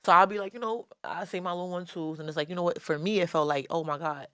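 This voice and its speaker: A woman's voice: fairly low pitch, quick pace, sharp tone, clear, resonant tone, no room sound, studio quality. A young woman from the Bronx with a New York accent, a rapper chatting animatedly in an interview, slangy and swearing freely. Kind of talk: casual interview talk.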